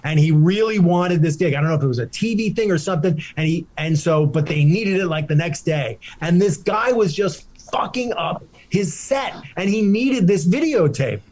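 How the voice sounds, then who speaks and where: High-voiced middle-aged man telling a story. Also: normal speed, few pauses. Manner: rambling, animated storytelling with restarts. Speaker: guest comedian. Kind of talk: casual podcast chat.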